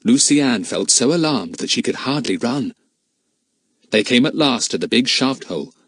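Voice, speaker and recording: A man narrating a children's adventure audiobook in a lively, expressive reading. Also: mid-range voice, normal speed, slightly rough, dry recording. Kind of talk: storybook narration.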